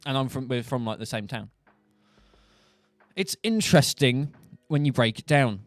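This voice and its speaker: Young Southern English man, casual joking streamer, mid pitch, dry close mic. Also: animated, moderate pace, dry recording, faint music behind. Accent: Southern English, Buckinghamshire. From England. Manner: joking, rambling, with restarts. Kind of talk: casual monologue.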